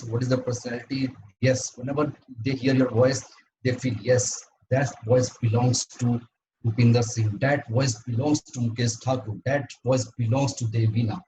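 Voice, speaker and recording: A man delivers a prepared talk over a video call, speaking at an ordinary pitch. He is earnest and halting, often stopping to restart a phrase. Faint noise sits under his voice. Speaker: club speaker. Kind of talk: prepared educational speech at an online meeting.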